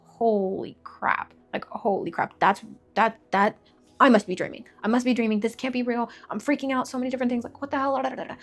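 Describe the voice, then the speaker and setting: Woman telling a personal testimony. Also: a little high. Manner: emotional, vivid storytelling with many fillers. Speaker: testimony speaker.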